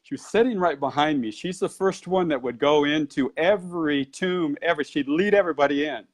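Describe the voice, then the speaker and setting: Man telling a story with lively momentum. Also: fairly high pitch, a little fast. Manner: animated storyteller who varies his pace, often with "and I go". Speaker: Qigong and Tai Chi teacher. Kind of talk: storytelling in an interview.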